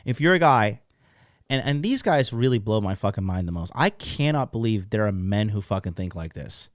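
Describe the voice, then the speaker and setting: Low-voiced man ranting bluntly. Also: very animated, moderate pace, no echo, studio quality. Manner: blunt, heavy swearing, rambling asides. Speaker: dating coach host. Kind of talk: casual profane rant to camera. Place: seated at a desk, indoors.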